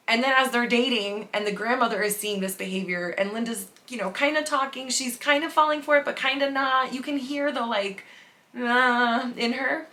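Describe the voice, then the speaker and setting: A woman with a bright, clear voice that sits a little above the usual pitch, telling a story on a podcast. She keeps it casual and animated, swears freely and jumps into the voices of the people she talks about. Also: brisk. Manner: animated, profane, acts out the people in her story. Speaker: podcast host.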